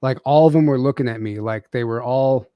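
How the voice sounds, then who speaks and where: A man's voice: mid-range voice, a little fast, clear, resonant tone, dry recording, dull audio. A man telling a personal story as a podcast guest, casually, with many fillers and restarts.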